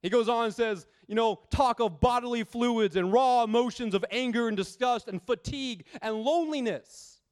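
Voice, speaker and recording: High-voiced, earnest male preacher. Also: moderate pace, few pauses. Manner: earnest and emphatic, swings between loud and quiet; conversational, with rhetorical questions. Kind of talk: sermon.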